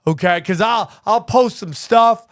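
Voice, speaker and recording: A man hosting a podcast, telling a story in casual chat and acting out the people in it with big, loud swings. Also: a little slow, no echo, clean studio sound. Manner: animated, rises high and loud acting out quotes. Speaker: podcast host.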